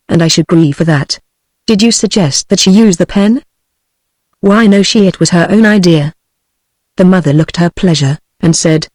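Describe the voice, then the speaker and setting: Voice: medium pitch, no room sound. Brief: computer-voiced audiobook narrator, evenly paced, dry close sound. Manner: even, mechanical reading that speaks punctuation aloud. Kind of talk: text-to-speech audiobook reading.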